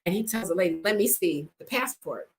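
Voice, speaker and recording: Animated woman vlogger. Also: lowish voice, a little fast, rough recording. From United States. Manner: animated, frank, acts out the people in her stories. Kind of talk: casual storytelling to camera.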